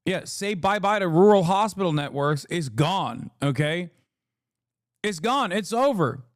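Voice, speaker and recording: A high-pitched man rants through casual political commentary with profane, sarcastic jabs. His voice is recorded dry and close. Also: lively intonation, measured pace, no room sound. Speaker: streamer host.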